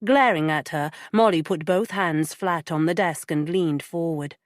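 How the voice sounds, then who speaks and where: Measured and even, a woman's scripted audiobook narration sits on the low side in pitch. The recording is dry, with studio quality.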